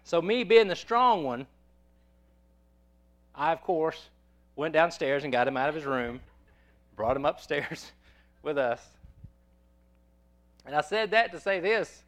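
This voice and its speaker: A man's voice: a little high, a little slow, pauses often, fairly bright tone. A man preaching a sermon, telling personal stories in a folksy way and often repeating words as he goes.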